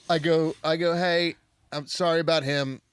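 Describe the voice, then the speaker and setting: A man's voice: a little high, unhurried, smooth, dry recording, studio quality. A young man co-hosting a podcast, telling a story in casual chat and acting out the people in it. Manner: animated storyteller, quotes people in voices. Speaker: podcast co-host.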